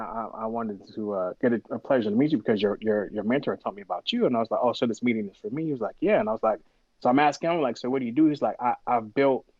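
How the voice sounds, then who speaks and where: A man's voice: mid-range voice, dry recording, muffled recording. A man guest on a podcast, telling stories in a casual way, acting out the voices of the people in them and swearing freely. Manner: animated storyteller acting out quoted dialogue, swears freely. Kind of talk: casual storytelling interview.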